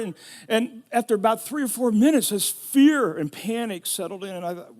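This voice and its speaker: Middle-aged male pastor, a bit high-pitched, animated sermon storyteller. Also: moderate pace. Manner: storytelling, rising to shouting in emotional retelling.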